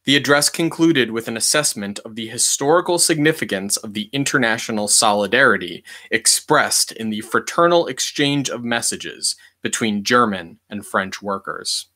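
A man reading a history book aloud in a measured, deliberate way, leaning on key words for emphasis. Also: medium pitch, bright, forceful tone.

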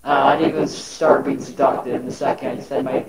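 A man's voice: mid-range voice, sing-song, fairly quick, roomy sound, very noisy. A man playing a teasing, snooping young man in a casual roleplay. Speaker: roleplay player.

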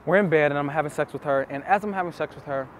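Man, somewhat high voice, earnest and intimate, outdoors with faint street noise. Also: quick pace. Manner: earnest, intimate, repeats phrases for emphasis. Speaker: dating coach. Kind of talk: casual storytelling to camera.

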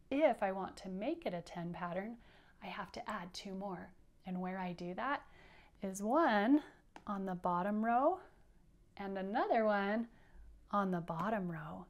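A woman teacher reading a picture book aloud to young children at an unhurried, deliberate pace. She is patient and encouraging, and she invites the kids to count along with her. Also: mid-range voice. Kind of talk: interactive children's read-aloud.

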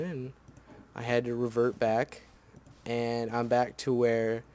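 A man's voice: medium pitch, darkish tone. A man giving casual gameplay commentary, grumbling and swearing whenever things go wrong. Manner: grumbling, easily annoyed, swears. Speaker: let's play host.

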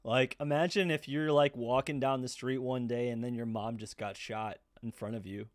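A man casually reacting to an anime episode, excitable, swearing and laughing often as he talks. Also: medium pitch, moderate pace, no echo, clean studio sound.

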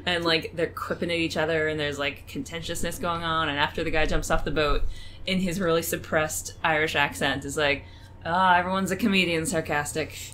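A woman co-hosting a casual podcast, talking in an animated, incredulous way and laughing often. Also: deep voice, brisk, slight background noise. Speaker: podcast co-host.

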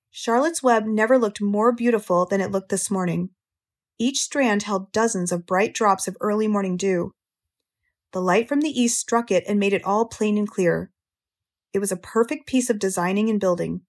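An American woman narrates a children's classic in a clear, measured storytelling voice. Her pitch sits in the middle range, and she paces each sentence steadily for English learners. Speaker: audiobook narrator, English teacher.

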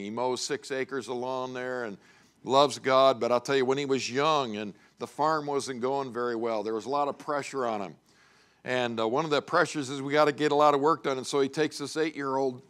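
Casting note: middle-aged man preaching in chapel, conversational storyteller, mid-pitched voice, folksy asides. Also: fairly bright tone. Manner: conversational storytelling with frequent "you know" and "okay?". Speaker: chapel speaker. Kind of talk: sermon.

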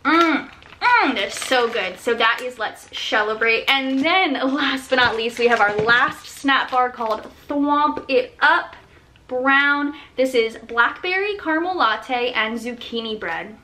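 A woman in her thirties shows off products in a casual vlog. Her voice is bright and a little high, and she gushes with enthusiasm, often trailing into soft, breathy murmurs. A faint noise sits behind her. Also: animated, takes it slowly. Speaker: small business owner showing products.

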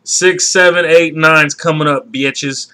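Male vlog host, brash and profane, forceful slightly high voice. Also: fairly even intonation, slow. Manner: brash, profane, addresses viewers directly. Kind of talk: casual vlog talk.

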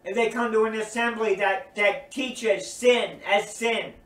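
A man's voice: high voice, fairly even intonation, a little slow, a bit bright. A man preaching a sermon, earnest and emphatic, repeating his points. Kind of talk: recorded sermon teaching. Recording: roomy echo, distant from mic.

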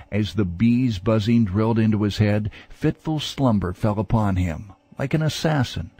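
A man narrating a fantasy novel in a dramatic, measured storytelling manner. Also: lowish voice, darkish tone, husky, dry recording. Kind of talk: scripted audiobook narration.

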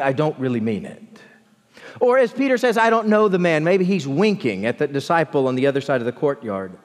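A man preaching a sermon as pastor, expressive, dropping low and slow for emphasis. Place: large church sanctuary. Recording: long church hall reverb.

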